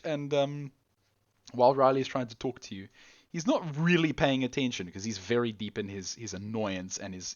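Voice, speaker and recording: A man narrating a tabletop game as game master, halting and restarting often. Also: mid-range voice, dull audio. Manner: halting, with many restarts and laughs.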